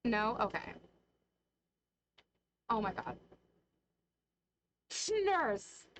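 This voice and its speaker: A woman hosts a casual home livestream, talking to her viewers in a bubbly, affectionate way. Her voice sits a little high. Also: measured pace, a bit bright, lo-fi sound, slight background noise. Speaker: livestream host. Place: home streaming room.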